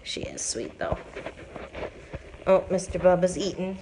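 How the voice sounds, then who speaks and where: Low-voiced woman cooing at shelter cats. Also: very animated, measured pace, long pauses, warm tone, a little hiss or hum. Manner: coos to the cats in a high sing-song voice between plain explanations. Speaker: animal shelter manager. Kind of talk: live-streamed shelter tour. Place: cat room of an animal shelter, indoors.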